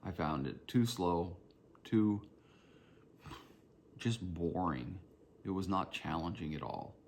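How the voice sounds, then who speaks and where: A man's voice: low-pitched, lively intonation, takes it slowly, slight background noise. A man with a Southern Georgia accent, hosting his own podcast in a reflective, rambling solo monologue. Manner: reflective, meandering, personal storytelling. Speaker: podcast host.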